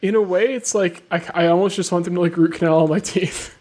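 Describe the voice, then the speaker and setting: Relaxed, wry man podcast host. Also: high-pitched, brisk. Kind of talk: casual chat.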